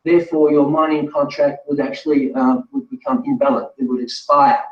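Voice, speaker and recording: A man's voice: medium pitch, fairly even intonation, brisk. A man presenting a live online webinar, talking straight to viewers in a chatty, self-correcting way. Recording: distant roomy lo-fi sound.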